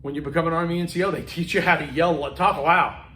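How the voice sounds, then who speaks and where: A middle-aged man giving a college lecture in a classroom, loud and animated, with chatty asides and repetitions. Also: fairly high pitch, fast, distant mic. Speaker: college instructor. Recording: echoey room.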